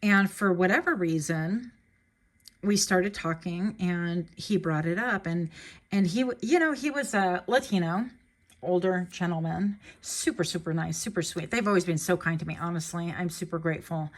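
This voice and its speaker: A woman's voice: on the low side, normal speed. A woman giving a casual pick-a-card tarot reading, chatty and rambling, getting emotional and laughing often. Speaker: tarot reader.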